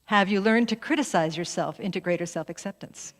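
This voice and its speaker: A woman's voice: on the low side, brisk. A middle-aged woman minister giving a conversational sermon to her congregation, often breaking into laughter. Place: church sanctuary. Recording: long hall reverb.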